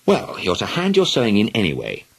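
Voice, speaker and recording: A man voicing a brisk, bossy mother who scolds her daughter sharply and sarcastically. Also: medium pitch, wildly swooping pitch, husky, voice pushed up. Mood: brisk, scolding.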